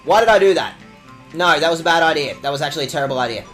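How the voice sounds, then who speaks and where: A man's voice: on the high side, lively intonation, very fast, fairly bright tone, faint music behind. A young man streaming a video game, swearing and mock-outraged as he reads the game text aloud and talks to chat. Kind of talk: casual let's-play commentary.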